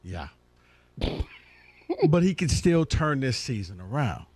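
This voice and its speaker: A man co-hosting a sports radio show, giving his take in a measured, even-tempered way on a studio microphone. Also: mid-range voice, slightly rough, dry recording. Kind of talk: sports talk radio discussion.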